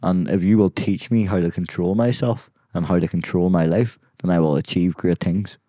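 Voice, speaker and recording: A man talking as a podcast guest in casual conversation, full of swearing, sudden loud exclamations and "mate". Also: sits low, fairly even intonation, normal speed, no echo.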